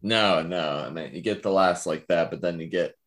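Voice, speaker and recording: A man's voice: sits low, moderate pace, fairly bright tone. A man, a physical therapist co-hosting a podcast, telling work stories in a rambling casual way with many fillers. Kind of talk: casual storytelling chat.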